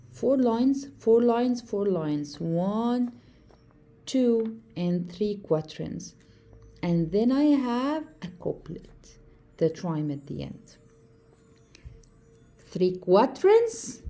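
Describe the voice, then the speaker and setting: A mellow Egyptian woman with a mid-range voice and an Egyptian Arabic accent slowly lectures a classroom on poetry. She repeats herself, poses questions and answers them herself, and counts out the stresses.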